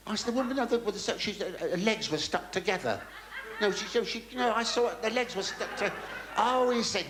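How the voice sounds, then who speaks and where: A man's voice: sits high, expressive, fairly quick, background noise. A man doing a camp, theatrical stand-up act with the audience. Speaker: comedian. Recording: echoey live venue with laughter.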